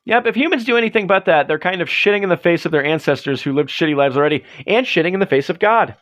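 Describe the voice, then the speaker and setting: On dull, lo-fi stream audio, a male host chats casually and makes fun of himself as he rambles. He speaks fast and animatedly in a high-pitched, fairly bright voice.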